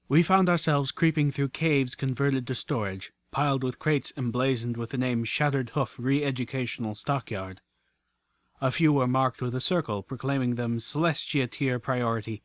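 A man narrating a first-person adventure story in a steady, measured reading. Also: mid-range voice, dry recording. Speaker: audiobook narrator.

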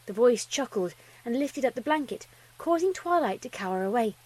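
A woman reading a fan story aloud as the narrator, with expressive delivery. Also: fairly high pitch, moderate pace, husky, low-quality recording.

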